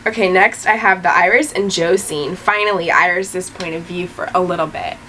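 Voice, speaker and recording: A woman co-hosting a casual TV episode review, chatty and giggly, with animated retellings of scenes. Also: on the low side, normal speed, a little hiss or hum, low-quality recording. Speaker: podcast co-host.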